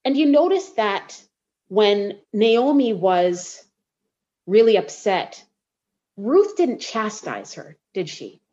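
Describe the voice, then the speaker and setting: Woman, podcast host, Bible teaching, expressive storyteller, mid-pitched voice, slightly dull recording. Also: slow pace. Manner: warm expressive storytelling with quotes; uses y'all.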